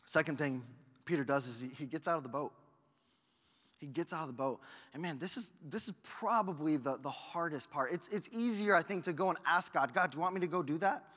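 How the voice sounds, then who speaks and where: High, bright-voiced man preaching. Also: a little fast. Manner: earnest storyteller who repeats words and acts out quotes. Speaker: family life pastor. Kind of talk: sermon with storytelling. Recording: echoey hall.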